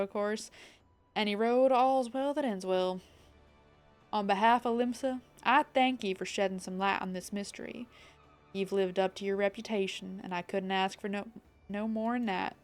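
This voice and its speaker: Lady doing a gruff salty pirate boss, drawl slips kinda southern, faint music behind. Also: mid-range voice, close to an everyday voice. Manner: rough pirate drawl drifting into a southern US twang. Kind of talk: reading game dialogue aloud in character.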